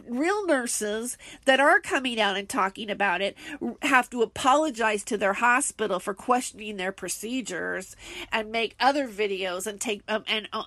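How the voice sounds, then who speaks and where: High, bright-voiced woman ranting. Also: no room sound. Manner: indignant, heated, rambling with fillers. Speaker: podcast host. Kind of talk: solo podcast rant.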